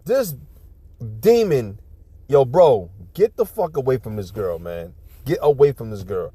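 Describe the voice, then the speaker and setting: A man's voice: a little high, very animated, moderate pace, long pauses, mellow, no room sound. A man giving casual ranting commentary on a video clip, blunt, profane and preachy, often restarting his sentences.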